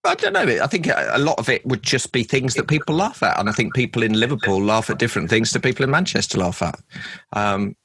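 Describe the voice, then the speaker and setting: A man's voice: medium pitch, very animated, quick pace, gravelly, fairly bright tone, breathy edge, no room sound, rough recording. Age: middle-aged. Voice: chatty London man, dry close sound. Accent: London English. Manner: chatty, anecdotal, self-deprecating. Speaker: comedian and former presenter, guest. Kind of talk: podcast interview.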